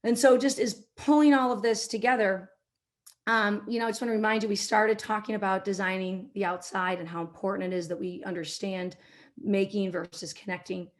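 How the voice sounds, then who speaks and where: A middle-aged woman, a marketing executive, giving a business talk and telling an anecdote, now and then acting out quotes in a softer voice. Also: mid-range voice, steady tone, fairly quick. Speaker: keynote speaker, marketing executive.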